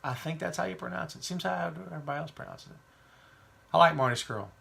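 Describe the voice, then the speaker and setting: Man, podcast host, gravelly voice, chatty and opinionated. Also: a little high, expressive, fast talker, pushed and bright. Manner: chatty, opinionated, reads live chat questions. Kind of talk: casual wrestling podcast chat.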